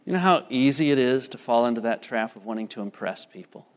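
A man's voice: mid-range voice, animated, fast talker. A man preaching a sermon earnestly, putting repeated questions to his congregation in a church. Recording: church hall reverb.

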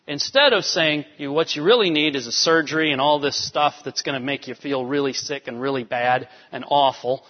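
A male pastor giving an animated sermon, swinging between soft, quiet lines and emphatic rises. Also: a little high. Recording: dull sound with long hall reverb.

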